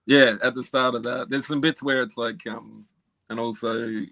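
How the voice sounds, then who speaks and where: A man who is a guest musician, telling stories in a relaxed, laid-back way. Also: mid-range voice, normal speed, over a noisy crowd. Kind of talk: casual chat.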